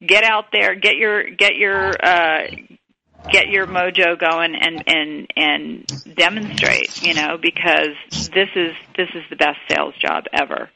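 Gravelly, bright-toned woman guest. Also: fairly low pitch, animated, a little slow, a little hiss or hum, poor audio. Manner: enthusiastic, with many restarts. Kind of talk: casual interview talk.

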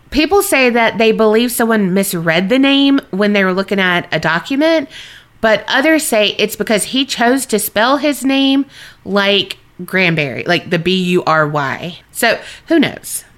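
A woman's voice: mid-range voice, lively intonation, measured pace, fairly bright tone. Chatty woman co-host, casual storyteller who laughs easily. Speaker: podcast co-host.

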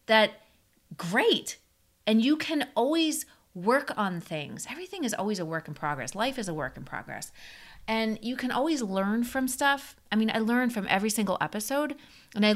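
A woman's voice: medium pitch, fairly bright tone. A woman hosting her own podcast, talking alone in a rambling, upbeat, motivational way with frequent small laughs. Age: adult. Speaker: podcast host. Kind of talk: solo podcast monologue.

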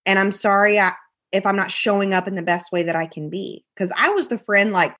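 A woman's voice: medium pitch, a little fast, fairly bright tone. Earnest woman guest giving heartfelt advice. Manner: emphatic, repeats phrases, acts out friends' voices. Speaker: podcast guest.

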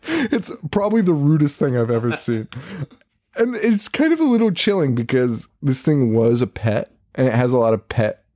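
A man co-hosting a podcast, casually recapping a movie with lots of swearing and laughter. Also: medium pitch. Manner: profane, laughing, animated retelling. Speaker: podcast co-host.

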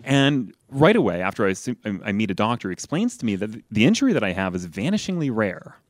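A young adult man tells a personal story with a self-deprecating edge. His pitch swings widely as he goes, and he laughs now and then. The sound is dry and close. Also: sing-song, fast talker, no echo. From lived in Washington, D.C.

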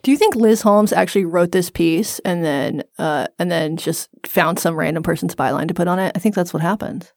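Woman cohosting a podcast, gravelly voice, wry and playful, dry mic. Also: fairly low pitch, a little fast, hardly any pauses, darkish tone, no room sound. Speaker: podcast co-host. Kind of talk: casual podcast banter.

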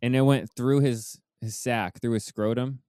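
A man hosting a live stream, telling stories and reading news in a relaxed, halting way. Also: medium pitch, clean tone, dry recording. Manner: relaxed, hesitant, many fillers. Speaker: host. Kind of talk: casual live-stream chat.

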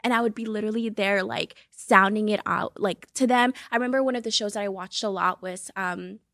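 A young woman from Cape Verde, a native Portuguese speaker, chatting casually as a podcast guest in a studio, animated and swearing freely. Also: medium pitch, fairly quick, dry recording. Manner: animated, swearing, laughs often. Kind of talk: casual chat.

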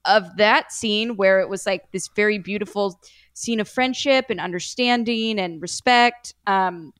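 A woman's voice: medium pitch, measured pace, fairly bright tone, clean tone, dry recording. A woman guest on a comedy podcast, chatting over a video call with exaggerated reactions. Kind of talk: casual comedic chat.

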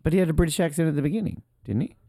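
A man's voice: on the high side, racing, dark tone, no room sound, clean studio sound. A young man, co-hosting a casual movie commentary and rambling chattily with lots of ums and likes. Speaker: podcast co-host.

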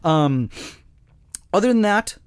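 A man's voice: high voice, big pitch swings, takes it slowly, clean tone, no echo. Guy co-hosting a music podcast, bouncy up and down voice, dry sound, lots of dude and like. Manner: swears, says dude and like a lot. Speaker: podcast co-host. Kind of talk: casual music podcast chat.

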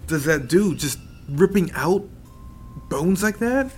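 A man casually recapping an anime episode with a co-host, acting out the characters' lines in quick put-on voices. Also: on the high side, expressive, slight background noise.

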